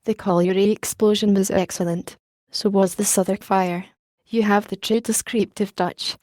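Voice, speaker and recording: A woman's voice: mid-range voice, steady tone, moderate pace, a little mellow, no echo, lightly acted. A woman reading the part of an old, kindly, dry-humoured news editor, with a light Scottish lilt, in an audiobook. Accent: Scottish, put on.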